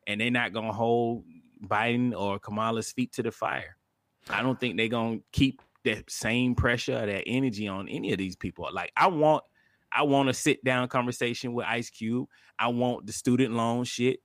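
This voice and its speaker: A man co-hosting a podcast in casual chat, relaxed and conversational, with frequent profanity. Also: medium pitch, normal speed, no echo. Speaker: podcast co-host.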